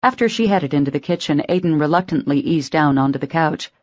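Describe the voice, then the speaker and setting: A woman narrating an audiobook in an even storytelling manner. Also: deep voice, fairly quick, dry recording, dull audio.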